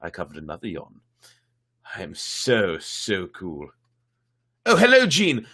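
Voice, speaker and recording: A man's voice: low-pitched, huge pitch swings, unhurried, pushed and bright. A man reading a fairy tale aloud on a livestream, breaking in with wry, irreverent asides. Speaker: storyteller.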